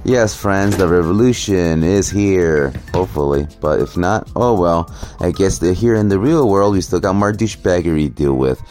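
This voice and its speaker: A man's voice: deep voice, moderate pace, a little mellow, soft background music. A man giving profane commentary over clips, with crude, sneering rants. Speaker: commentary host.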